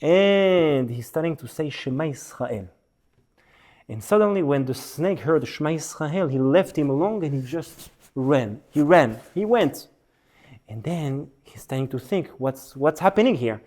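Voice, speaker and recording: A man, a rabbi, giving a lesson as an animated story, repeating words for emphasis. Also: a little high, unhurried. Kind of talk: storytelling sermon. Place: synagogue hall.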